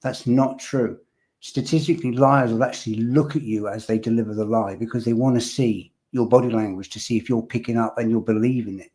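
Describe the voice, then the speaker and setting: A man's voice: medium pitch, fairly even intonation, fairly quick, a little mellow. A man hosting a podcast, analyzing a recorded statement, repeating phrases and quizzing his co-host emphatically.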